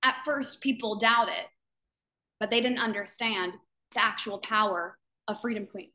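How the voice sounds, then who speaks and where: A woman's voice: mid-range voice, normal speed, bright, forceful tone. Fervent woman rallying her community. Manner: fervent, emphatic, repeats phrases for emphasis; acts out other people's doubting voices in quotes. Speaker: founder and host of a women's business community. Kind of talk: motivational talk on a live video call. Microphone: video call.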